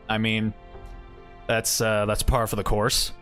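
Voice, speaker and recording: A man's voice: on the low side, completely flat delivery, slow pace, pauses often, fairly bright tone, soft background music. Rambling, swearing male streamer. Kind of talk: casual gaming stream chat.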